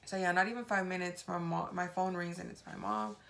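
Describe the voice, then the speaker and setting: A woman's voice: on the low side, big pitch swings, brisk, a bit bright, a little hiss or hum. A young adult woman vlogger casually telling a personal story, retelling past conversations with frequent "like" and "I was like". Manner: retells events with reported dialogue, many "like" fillers.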